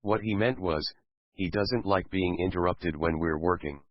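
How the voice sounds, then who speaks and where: A man playing a calm scientist who patiently explains things to a colleague. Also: deep voice, normal speed, dry recording, natural voice. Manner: gentle, explaining. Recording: dull lo-fi recording.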